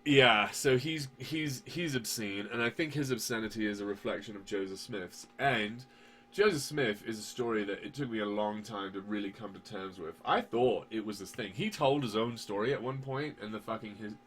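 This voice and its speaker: A man's voice: on the low side, normal speed, fairly bright tone, a little hiss or hum. A man chatting casually on a podcast, rambling with lots of fillers and swearing, and at times building into heated rants. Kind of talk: casual conversational podcast chat.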